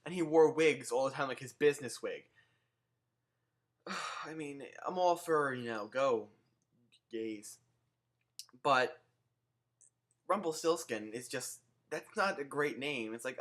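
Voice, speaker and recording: A young man ranting sarcastically into his own camera in a comedic vlog, animated and given to swearing. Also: medium pitch, slow, pauses often. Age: young adult. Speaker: vlogger.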